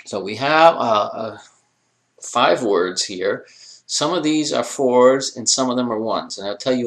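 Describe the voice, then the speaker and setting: A man's voice: mid-range voice, animated, a little slow. A man teaching a recorded lesson, explaining step by step and asking rhetorical questions as he goes. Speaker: Arabic teacher. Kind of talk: recorded lecture.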